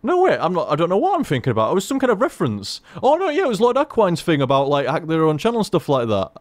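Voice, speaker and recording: A man's voice: on the high side, huge pitch swings, quick pace, dry recording. A man in casual rambling chat as a gaming commentator, chatty, laughing at himself and swearing freely.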